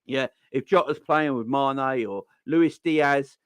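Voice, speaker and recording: A man hosting a casual fan live stream, rambling and excitable, full of slang and shout-outs. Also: mid-range voice, slow, smooth, no echo. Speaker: fan channel host.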